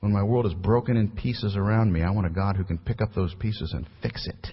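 A man preaching a sermon as a pastor, building to emphatic peaks and then dropping low and quiet. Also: fairly even intonation, a little fast, breathy edge. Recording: muffled recording with long hall reverb.

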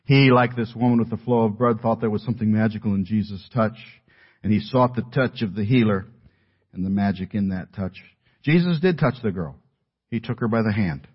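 A middle-aged man preaching a sermon in an earnest, emphatic way, dropping his voice low at key words. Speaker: pastor. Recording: dull lo-fi audio.

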